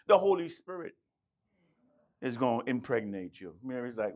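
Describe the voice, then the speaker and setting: A man's voice: mid-range voice, normal speed, a little mellow. A man preaching a sermon, emphatic and repeating key phrases, with stammering restarts. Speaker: pastor.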